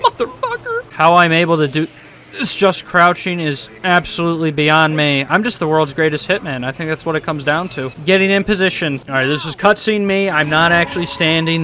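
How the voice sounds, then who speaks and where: Man, gameplay commentary, excitable, swearing, tense bright voice, slightly high. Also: slight background noise. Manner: excitable, swearing, joking to himself. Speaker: gaming video host.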